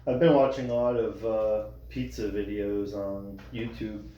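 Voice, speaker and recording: A man's voice: fairly low pitch, level tone, measured pace, warm tone, a little hiss or hum. A man co-hosting a podcast, joking and teasing in laid-back, crude banter. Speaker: podcast co-host. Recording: distant dull mic in a very roomy echo.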